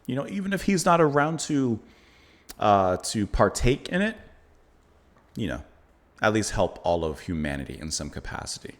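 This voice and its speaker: Man with a low, lively voice reviewing an album. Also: normal speed, long pauses. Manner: thoughtful, analytical, admiring commentary with frequent "you know" and "like". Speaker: music reaction channel host. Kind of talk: casual album reaction and review.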